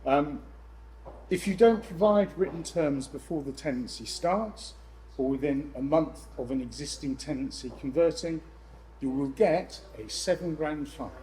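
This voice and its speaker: Lively man giving a seminar talk. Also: on the high side, measured pace, a little hiss or hum, poor audio. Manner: lively, jokey, exasperated asides to the audience. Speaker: letting agent speaking at a landlord event. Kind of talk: live seminar presentation.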